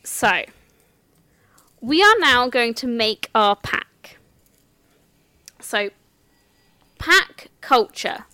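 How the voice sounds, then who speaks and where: Slow, smooth-voiced woman running the game. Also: a little high, lively intonation, sharp tone, no echo. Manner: unhurried, explanatory, with restarts. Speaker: game master. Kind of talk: explaining a tabletop game setup.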